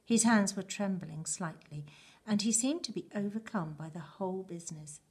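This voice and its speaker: A teacher reading a bedtime story aloud with expressive, lively storytelling, in a husky voice. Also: female voice, mid-range voice, moderate pace.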